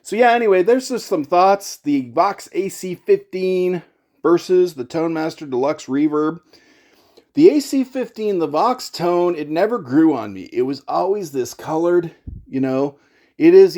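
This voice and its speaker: A middle-aged man talks through his gear in a loose, rambling vlog. His voice sits a little high for a man. He keeps it chatty and pokes fun at himself as he goes. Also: dark tone. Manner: rambling, chatty, self-deprecating. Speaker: YouTuber and pedal demo host.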